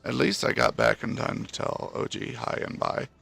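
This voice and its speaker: A man chatting slowly and casually with friends while gaming. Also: fairly bright tone, faint music behind.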